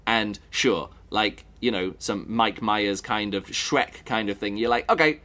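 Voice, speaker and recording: A man's voice: on the low side, fairly even intonation, a little slow, pushed and bright. A man from the UK, giving a casual spoken book review, rambling and thinking aloud with many fillers and restarts.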